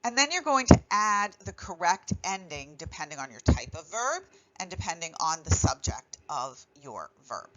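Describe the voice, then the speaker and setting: A woman teaching a Spanish grammar lesson, spelling out verb endings clearly and stressing each one deliberately. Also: fairly low pitch, very animated, a bit bright, rough recording.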